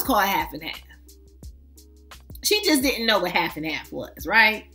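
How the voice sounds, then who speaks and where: A woman's voice: mid-range voice, very animated, measured pace, long pauses, bright, forceful tone, faint music behind. A woman reviewing fragrances in a casual vlog, chatty and emphatic with playful, sassy asides.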